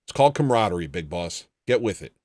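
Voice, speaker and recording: A man's voice: low voice, sing-song, quick pace, a little mellow, no echo. A man hosting a livestream, chatting casually and making dry, sardonic asides. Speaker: livestream host. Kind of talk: casual chat reading viewer comments.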